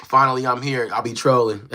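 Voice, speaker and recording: A man's voice: medium pitch, steady tone, a little fast, pushed and bright. Young male streamer, casual and slangy, easygoing delivery. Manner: laid-back, slangy, talks straight to viewers. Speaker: livestreamer reading viewer comments. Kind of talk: casual live-stream chat. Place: small home room he built as a live-stream set. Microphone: phone.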